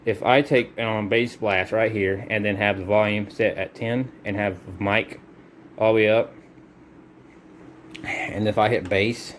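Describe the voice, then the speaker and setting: A man's voice: fairly low pitch, steady tone, measured pace, long pauses, a bit bright, a little hiss or hum. Casual self-correcting male reviewer. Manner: loose, self-correcting, thinks aloud. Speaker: product reviewer. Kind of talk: casual product review demo.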